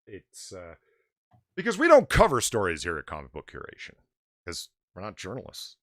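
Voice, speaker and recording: In this casual livestream chat, the male host rambles with plenty of animation and reads out donations as they come in. He speaks low at a moderate pace, recorded in studio quality with no room sound.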